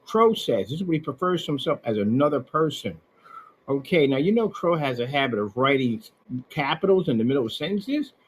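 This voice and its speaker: Talking fairly quickly in a medium-pitched, sing-song and slightly rough voice, an online seller rants at a customer about emails and receipts. He speaks directly to that person, mocking and sarcastic, repeating himself with scorn. The recording is rough.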